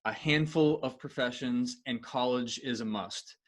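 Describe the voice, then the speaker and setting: A man's voice: medium pitch, measured pace. A man co-hosting a podcast, asking his questions in a friendly, rambling way and often restarting his sentences. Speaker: podcast co-host. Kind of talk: casual podcast interview.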